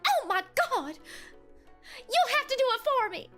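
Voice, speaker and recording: A woman voicing her frightened mother with a Southern accent, in shrill panicked exclamations. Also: very animated, measured pace, pushed and bright, faint music behind, full character voice. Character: excitable frightened Southern mom.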